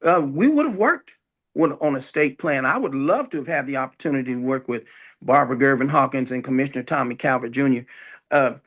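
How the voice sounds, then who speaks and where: A man's voice: medium pitch, lively intonation, a bit bright. An older man, a former city council member, speaking reflectively on a community panel and drawing out his words for emphasis. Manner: reflective, with slow emphatic stretches. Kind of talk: panel discussion.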